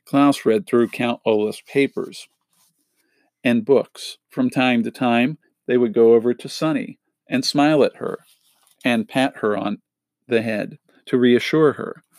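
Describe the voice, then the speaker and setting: A man reading a children's novel aloud in a steady, measured storytelling manner. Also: mid-range voice, no echo. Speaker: audiobook reader.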